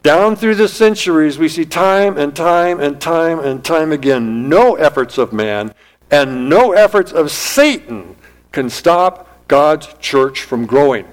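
A man's voice: fairly high pitch, animated, slow pace, rough recording. Earnest preacher man with a raised voice. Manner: earnest, emphatic preaching that rises and drops. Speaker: pastor. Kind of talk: sermon.

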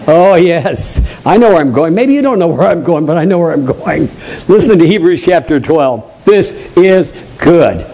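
A man with a New England accent preaching a sermon, stressing points loudly, dropping into low asides and putting questions straight to the congregation. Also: expressive, moderate pace, rough recording. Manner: emphatic preaching, swinging between loud high stresses and low quiet asides; draws the congregation in with direct questions.

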